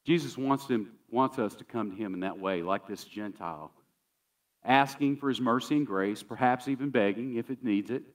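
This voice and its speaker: A man's voice: mid-range voice, moderate pace, distant mic. A man pastor preaching a sermon in a conversational, emphatic way, often repeating key phrases.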